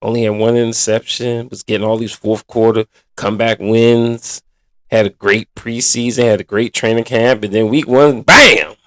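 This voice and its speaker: A man's voice: mid-range voice, fairly even intonation, normal speed, fairly bright tone, dry recording. A man hosting a sports podcast in a casual, blunt and exasperated manner, full of colloquial slang. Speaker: podcast host.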